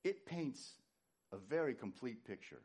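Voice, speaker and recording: A man preaching a sermon, animated, swinging from loud emphatic lines to hushed low ones. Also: a little slow, husky. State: winded. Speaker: pastor.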